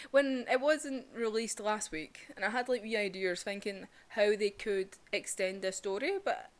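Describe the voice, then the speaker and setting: A young woman gushing excitedly through a casual manga chapter review, full of fillers. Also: mid-range voice.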